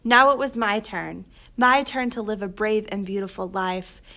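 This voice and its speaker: A woman narrating an audiobook in a quiet, reflective way, sometimes dropping to a whisper. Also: mid-range voice, normal speed.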